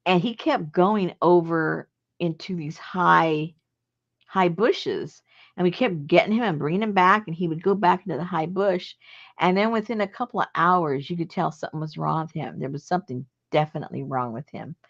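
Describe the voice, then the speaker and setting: Gravelly-voiced woman telling a rambling story. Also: lowish voice, moderate pace. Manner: rambling and chatty, laughs often. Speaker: journaling channel host. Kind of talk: casual storytelling. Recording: dull lo-fi recording.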